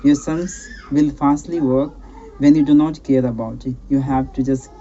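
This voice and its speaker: Warm and steady at a medium pitch and normal speed, this man's voice comes through dull audio with a little hiss or hum. He hosts an English practice call, coaching a learner with encouraging, repetitive advice and frequent "right?" and "you know".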